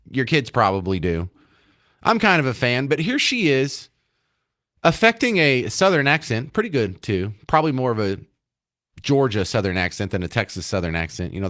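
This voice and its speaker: A man's voice: on the low side, fairly bright tone, dry recording, clean studio sound. A man hosting a talk radio show, giving opinionated commentary with sarcasm and mocking rhetorical questions.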